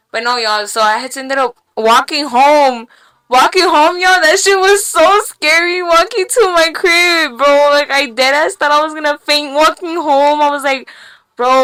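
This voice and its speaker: A young woman on a casual podcast, telling stories in an animated, slangy way with plenty of swearing and laughter. Her voice is bright and pitched a little high. She talks into a podcast mic in a small room. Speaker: podcast guest. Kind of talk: casual storytelling.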